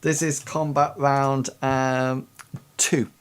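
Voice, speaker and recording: A man acts as game master in a tabletop game played online. He talks hesitantly, full of ums and restarts, at an ordinary middle pitch. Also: level tone, slow pace, clean tone.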